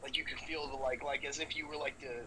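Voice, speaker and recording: A man, a professional wrestler, telling stories in a casual podcast chat, animated and swearing freely. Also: medium pitch, fast, a little hiss or hum, poor audio. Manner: animated storyteller, swears freely, acts out quotes.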